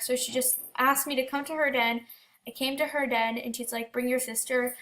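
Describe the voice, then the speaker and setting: A teenage girl shares relaxed stories about an online game at a moderate pace, her high voice sharp in tone with fairly even intonation. Her chatty delivery includes many fillers and restarts.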